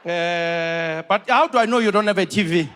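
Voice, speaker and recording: A man with a South African accent voicing a slow, unbothered male police desk officer who drawls in a deadpan way, recorded in a live comedy hall. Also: high-pitched, a little hiss or hum.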